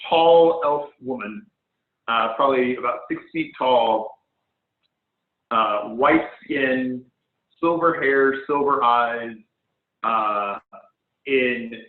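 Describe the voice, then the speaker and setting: A man running a tabletop game as game master, describing scenes in a hesitant way full of ums, over an online voice call. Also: medium pitch. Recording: phone-like online call audio, echoey room.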